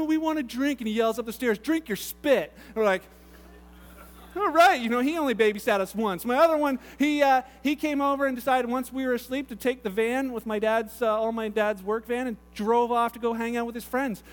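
A man's voice: very high-pitched, fairly quick, few pauses. A man preaching a sermon, pastor's chatty storytelling with asides. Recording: echoey hall with long reverb.

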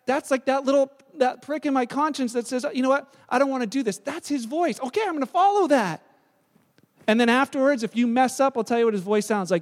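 A male pastor preaching with a very high voice that rings through a large hall with a long echo. He talks lively and switches into little acted-out voices for the people in his stories. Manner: lively, acts out quoted voices. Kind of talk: sermon. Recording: echoey hall sound.

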